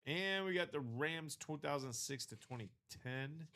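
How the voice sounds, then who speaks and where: A man's voice: on the high side, a little slow. A man hosting a live sports break stream, calling out teams and players and chatting casually. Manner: excited reactions to pulls. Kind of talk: casual chat while opening breaks.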